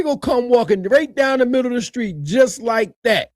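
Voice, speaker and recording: A man giving animated reaction commentary on a video, colloquial, swinging from low mutters to loud high shouts. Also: moderate pace, hardly any pauses, no room sound.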